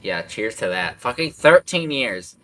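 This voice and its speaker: A man's voice: lowish voice, very animated, unhurried, sharp tone, low-quality recording. A young man hosting a casual podcast chat, who rambles with lots of fillers, swearing and frequent laughter. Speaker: podcast host.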